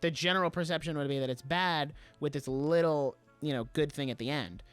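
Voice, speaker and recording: A young man co-hosting a podcast, talking casually and defending his opinions with animated emphasis. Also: on the high side, a little fast, smooth, soft background music. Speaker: podcast co-host.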